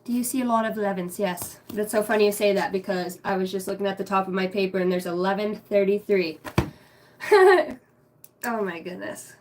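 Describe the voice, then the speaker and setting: A young woman running a casual livestream chat, excitable and swearing freely, dropping low and hushed when she prays. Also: fast talker, few pauses, a little hiss or hum. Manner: excitable, swearing, bursts of loud laughter. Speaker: spiritual reader streaming live.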